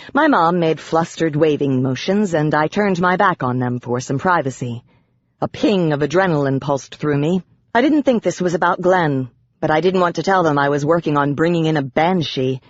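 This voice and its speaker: An audiobook narrator reading a dark urban fantasy in the first person with a wry, dry storytelling manner. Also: mid-range voice, moderate pace, no room sound, dull audio.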